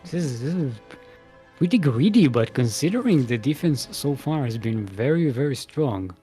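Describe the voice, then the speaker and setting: Brief: playful male esports caster, mid pitch, very animated intonation. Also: normal speed, faint music behind. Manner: playful, laughs often, jokes between play calls. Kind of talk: casual live game commentary.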